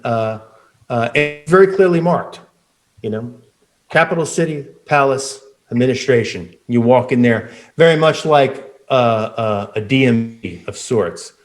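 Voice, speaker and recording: A man's voice: medium pitch, animated, takes it slowly, a little mellow. Rambling male game master. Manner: rambling, many fillers and restarts. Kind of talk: narrating a tabletop game.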